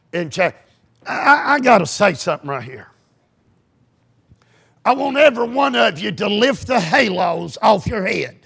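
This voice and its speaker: Male pastor, fervent folksy sermon, shouts often, husky and gravelly. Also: high-pitched.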